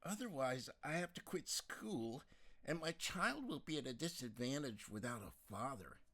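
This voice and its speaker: A man's voice: medium pitch, animated, normal speed, a bit bright, voice pushed up. A man voicing an earnest young woman in a storybook reading, reasoning through her choice.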